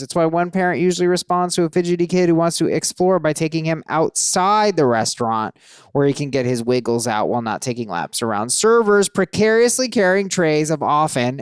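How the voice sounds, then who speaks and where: A man's voice: on the high side, clean tone, dry recording, clean studio sound. A male podcast co-host in casual chat, telling rambling stories and reading listener posts aloud. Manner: rambling, storytelling with acted-out quotes.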